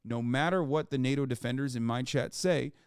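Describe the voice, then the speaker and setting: A man's voice: mid-range voice, fairly quick, a little mellow, smooth, no echo, studio quality. A man streaming live, reading news aloud and reacting with profane, exasperated rants.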